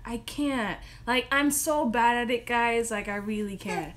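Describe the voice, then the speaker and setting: A woman's voice: fairly high pitch, a little slow, fairly bright tone, slight background noise. A young woman hosting a casual live stream from her bedroom, chatty, giggly and self-deprecating. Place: home bedroom.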